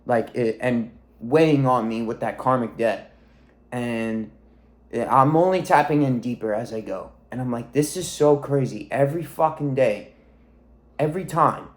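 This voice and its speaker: A young man in his twenties talking to camera in a rambling, reflective monologue, swearing freely as a weight-loss coach. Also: mid-range voice.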